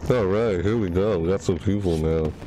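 A gaming channel host with a low, warm voice talks at a normal pace over soft background music. Playing from his home setup, he chats to himself about his own gameplay, casual and quick to panic.

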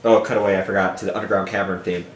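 A man's voice: sits low, racing, background noise. A man co-hosting a charity game stream, chatting casually and joking while the game plays. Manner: joking, animated, slips into silly voices. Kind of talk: casual gaming stream chat. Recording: echoey room with game music behind.

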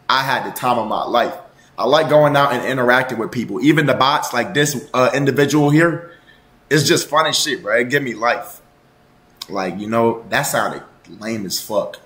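A man streaming live, chatting casually with his viewers in a loud, profane, joking and rambling way. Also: mid-range voice. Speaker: livestreamer. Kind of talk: casual livestream chat. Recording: roomy echo.

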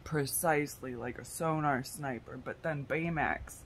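A woman's voice: low-pitched, unhurried, a little hiss or hum. A woman rambling through a silly story idea in a casual monologue, giggling, swearing and losing her train of thought. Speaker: tarot vlogger.

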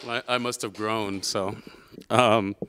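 A man introducing his poems on a stage mic. He talks in a relaxed, hesitant, low-key way. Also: slow pace, background noise. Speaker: spoken-word poet. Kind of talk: casual intro before a performance.

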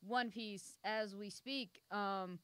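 A woman's voice: mid-range voice, slow pace, a bit bright. A woman co-hosting a casual interview, giggling often and reading out viewer questions. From Ohio, United States. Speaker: podcast co-host.

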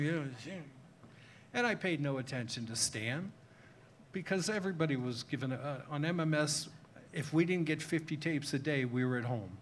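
A man's voice: medium pitch, moderate pace, slight background noise. An older man from Cleveland, Ohio, telling self-mocking, name-dropping stories about his own memoir at a live tavern talk. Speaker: memoir author, guest. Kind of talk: anecdotal storytelling at a live talk.

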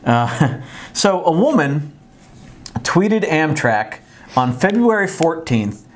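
Lively, animated man hosting a chat. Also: fairly high pitch, takes it slowly. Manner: animated, reads posts aloud with laughs. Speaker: host. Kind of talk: casual live-stream chat.

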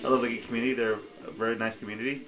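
A man's voice: mid-range voice, little pitch movement, racing. A man chatting casually and reacting with squirmy protests to a story being read to him. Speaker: co-host reacting. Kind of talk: casual chat.

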